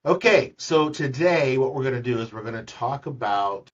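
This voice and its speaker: A man's voice: medium pitch, animated, moderate pace. A man, a real estate agent, walks a colleague through a screen-recorded tutorial in a chatty, joking way, repeating words as he goes. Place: office room with a colleague. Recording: dull, distant screen-recording audio.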